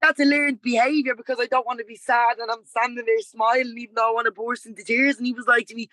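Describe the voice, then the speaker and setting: A woman in her twenties with a Dublin accent tells her story on a podcast, her voice high and bright. She rambles warmly, leaning on "like" and acting out the other person's lines, and the sound is dry and close. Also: quick pace, dry recording, low-quality recording. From Ireland. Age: 20s. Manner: rambling, animated, repeats "like" and "he was like". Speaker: podcast guest, yoga and dance teacher. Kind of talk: candid storytelling in conversation.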